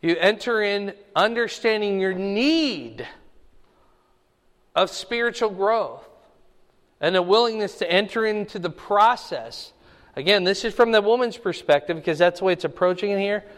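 A man with a fairly high voice delivers a teaching sermon in a casual, conversational way, regularly pausing to ask whether his listeners follow. His voice carries a long reverb from a large hall. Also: expressive, a bit bright. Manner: conversational, checks in with the congregation often. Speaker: pastor.

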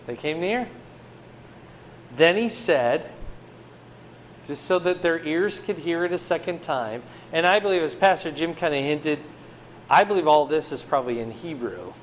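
A man giving a conversational sermon, teaching a Bible passage with animated swings between loud emphasis and quiet asides. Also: a little high, measured pace, pauses often, slight background noise.

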